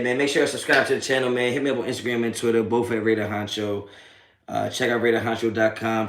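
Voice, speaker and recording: A man's voice: fairly low pitch, a bit bright. A young adult man streaming a live post-game reaction, cursing and laughing while mocking trolls in the chat. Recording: echoey room.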